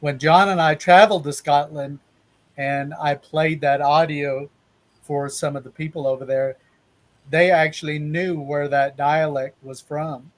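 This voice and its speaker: Flat-voiced man hosting a paranormal podcast. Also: a little high, measured pace. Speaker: podcast host. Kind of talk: casual interview chat.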